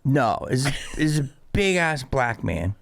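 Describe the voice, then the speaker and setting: Male comedian guest, podcast chat, lively pitch, animated storyteller. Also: slow, vocal fry, slight background noise. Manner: animated, storytelling with acted-out quotes.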